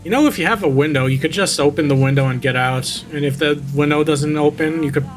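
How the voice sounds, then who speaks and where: A fast-talking man with a higher-than-average voice gets close to the mic to read a creepypasta over soft background music. He's sarcastic throughout, stopping the story again and again to poke fun at it.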